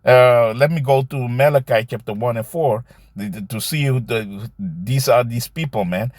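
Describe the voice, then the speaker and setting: Guy doing a casual bible teaching, keeps saying man and you see, mid pitch, dry sound. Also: darkish tone, no echo. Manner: loose and conversational, repeating "man" and "you see"; reads verses aloud slowly, then comments. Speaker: scripture teacher. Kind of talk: informal scripture teaching.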